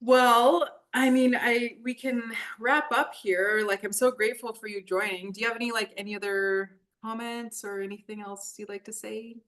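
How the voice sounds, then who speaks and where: A woman hosting her podcast in casual chat, relaxed and laughing easily, talking with lots of fillers. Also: on the high side, moderate pace, hardly any pauses. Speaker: podcast host.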